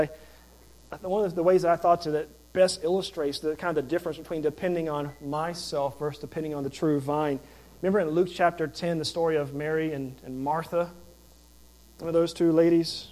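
Man, pastor, sermon, emphatic, conversational, rhetorical questions, slightly high voice. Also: warm tone, low-quality recording.

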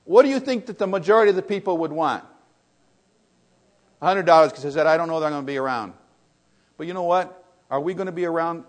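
An older man preaching a sermon, telling stories that swing from loud, excited retellings to quiet reflection. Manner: storytelling, rises loud and high in excitement, drops to soft and low when reflective.

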